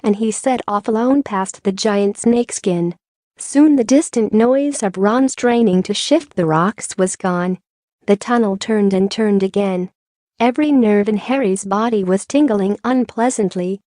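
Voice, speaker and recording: A woman reading an audiobook in measured, even storytelling narration. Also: medium pitch, no echo, studio quality. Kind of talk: scripted narration.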